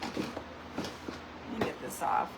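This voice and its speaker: A woman drawing out her words hosts a craft livestream, narrating dramatically and animatedly with "like" everywhere. It's a low-quality recording from a computer or camera mic, with slight background noise.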